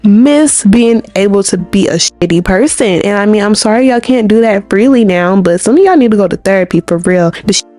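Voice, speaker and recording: A woman's voice: mid-range voice, a little fast, few pauses. A young woman recapping a TV episode in a casual, sassy and blunt way. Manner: sassy, blunt, animated ranting. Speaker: TV episode reviewer.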